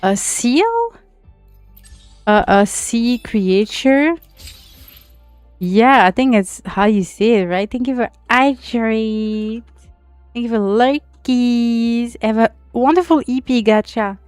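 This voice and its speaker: French girl streaming games, super slow and giggly, smooth clean voice, chatting to her viewers. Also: fairly high pitch, a little mellow, no room sound, soft background music. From France. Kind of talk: casual live-stream chat while gaming.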